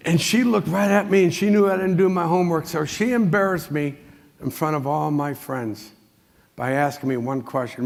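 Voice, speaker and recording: A man with a high, gravelly voice delivers a motivational keynote as a string of folksy stories, chuckling often between lines. His voice rings out through a big conference hall with a long, trailing reverb. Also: steady tone, normal speed, long pauses. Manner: folksy anecdotes with frequent chuckles. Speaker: motivational speaker.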